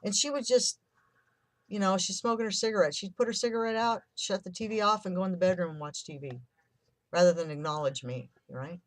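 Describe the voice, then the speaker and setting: Speaking briskly in a medium-pitched voice with no echo, a vlogger in their fifties shares a painful story from childhood. They're candid and emotional, occasionally swear and act out quotes they remember.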